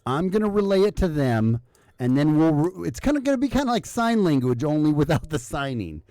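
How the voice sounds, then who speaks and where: Tipsy, animated man hosting a call-in. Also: fairly high pitch, brisk, no room sound. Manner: rambling, relays the caller's words to co-hosts, swears. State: a little drunk. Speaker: host of a live call-in stream. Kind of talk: casual drinking show banter.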